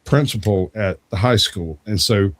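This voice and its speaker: Young man with a low voice, casual storyteller who acts out quoted voices and laughs easily. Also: moderate pace. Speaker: debate show guest.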